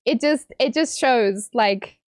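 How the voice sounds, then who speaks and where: A woman streamer reading out viewer messages on a livestream, teary and emotional, bubbly and quick to laugh. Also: a little high, no room sound, studio quality.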